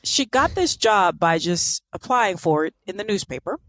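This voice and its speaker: A woman's voice: mid-range voice, animated, moderate pace, fairly bright tone, no echo, clean studio sound. A woman co-hosting a podcast, telling a story in casual chat with sarcastic asides and lots of fillers. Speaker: podcast co-host.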